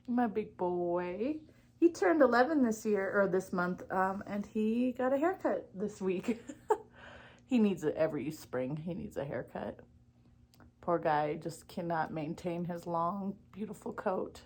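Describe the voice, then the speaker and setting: A woman's voice: medium pitch, lively intonation, unhurried, a little mellow. A young woman chatting casually in her crafting vlog, rambling with lots of fillers and getting easily distracted. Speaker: knitting vlogger. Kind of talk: casual chat.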